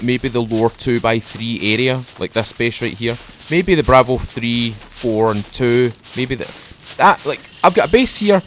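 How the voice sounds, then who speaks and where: A man at home talking into a desk microphone, giving a relaxed, rambling commentary while playing a game. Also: medium pitch, a little hiss or hum. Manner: rambling, chatty, drifts off topic; mellow, laid-back morning mood. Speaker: gaming channel host. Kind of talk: casual let's-play commentary.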